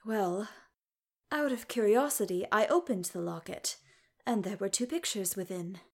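A woman reading the part of a young male elf who speaks softly and formally, with halting pauses. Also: mid-range voice, natural voice. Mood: hesitant. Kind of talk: audiobook character reading.

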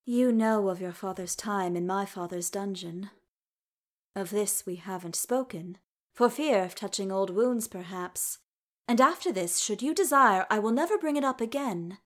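A woman reading the part of a young male elf who speaks softly and formally, with halting pauses. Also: medium pitch, natural voice. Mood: hesitant. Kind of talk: audiobook character reading.

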